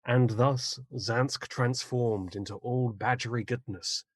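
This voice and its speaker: A man with a husky voice recapping a tabletop game session over a video call, with a wry, cheeky manner. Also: medium pitch, steady tone, slow pace, dry recording, clean studio sound. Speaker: player.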